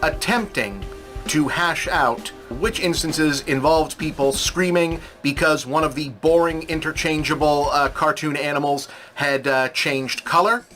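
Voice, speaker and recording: A man's voice: a little high, a little slow, bright, forceful tone, soft background music. A man giving opinionated film review commentary, rambling with fillers. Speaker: film critic.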